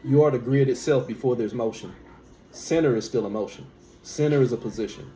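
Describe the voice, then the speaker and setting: A man's voice: medium pitch, fairly quick, dark tone. A man giving a spiritual teaching monologue, emphatic, asking rhetorical questions and repeating key phrases. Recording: echoey room with faint background hum.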